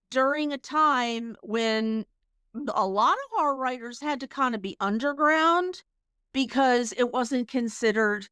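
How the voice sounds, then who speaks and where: Chatty woman co-host with a smooth voice. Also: high-pitched, a bit bright, no room sound, clean studio sound. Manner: chatty storyteller, laughs, many restarts and fillers. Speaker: podcast co-host. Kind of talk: casual chat.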